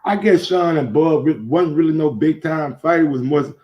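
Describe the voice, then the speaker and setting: A man's voice: fairly high pitch, normal speed, muffled recording. A man hosting a casual boxing talk show, talking loosely with many restarts and profanity. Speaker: show host.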